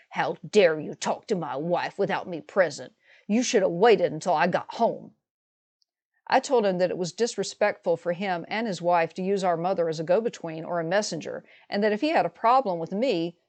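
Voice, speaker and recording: Calm, low-voiced woman telling a story. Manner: calm, measured, matter-of-fact. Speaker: vlogger telling a personal story. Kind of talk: storytelling monologue.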